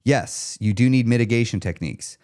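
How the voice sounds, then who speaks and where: Guy coaching on a livestream, average pitch, keeps repeating his questions and checking in with the chat. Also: brisk, a little mellow. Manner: emphatic, repeats key questions, checks in with viewers. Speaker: weight loss coach. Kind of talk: live-streamed coaching talk.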